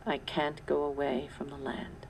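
A woman reading the part of a weary farmer father in a storybook, shouting in the fire and hushed afterward. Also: low-pitched, lively intonation, unhurried, a little hiss or hum, rough recording. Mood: soft, resigned. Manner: shouting orders in the fire, later hushed and soft.

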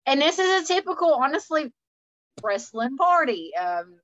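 A woman, a guest telling wild party stories in a loose, animated way. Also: sits high, normal speed, no room sound, muffled recording. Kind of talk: casual storytelling chat.

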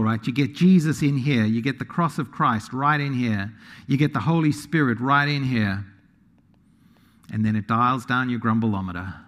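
A man preaching a sermon as pastor, animated and self-deprecating, moving into a quiet prayer. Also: lowish voice. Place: church sanctuary. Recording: long hall reverb.

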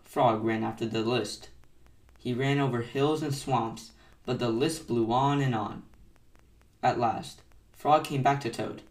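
A man reading bedtime stories aloud in a soft, soothing way that is meant to lull young listeners to sleep. He takes his time, pausing often at a very slow pace. His voice sounds slightly distant from the microphone. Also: medium pitch, steady tone, roomy sound. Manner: gentle and unhurried. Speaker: bedtime story podcast host.

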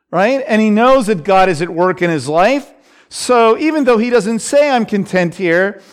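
A man gives a relaxed, conversational Bible lesson. His voice sits fairly high and moves through a lively, expressive range while he speaks at an unhurried pace. He fills the gaps with casual asides and briefly takes on the voices in the passage. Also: clean tone. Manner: unhurried, lots of fillers and asides, voices scripture quotes. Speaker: Bible teacher.

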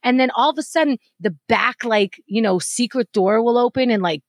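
A woman from New York chatting on a podcast as co-host, lively and acting out little scenes. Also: a little high, normal speed, no echo. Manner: lively, chatty, acts out phone calls. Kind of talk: casual chat.

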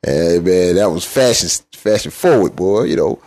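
A man's voice: sits low, animated, normal speed, darkish tone. A middle-aged man hosting a podcast, ranting casually and teasingly about football rivals, laughing often and trailing off into mumbles. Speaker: podcast host. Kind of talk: casual sports rant.

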